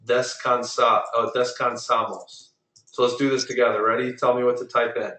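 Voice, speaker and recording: A man's voice: medium pitch, level tone, normal speed, sharp tone, reverberant, poor audio. A man teaching a Spanish class online, drilling verb forms and correcting pronunciation patiently. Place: online video meeting.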